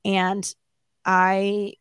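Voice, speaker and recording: A woman telling a self-mocking story as an interview guest, animated and laughing often. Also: mid-range voice, drawn-out words, smooth, dry recording.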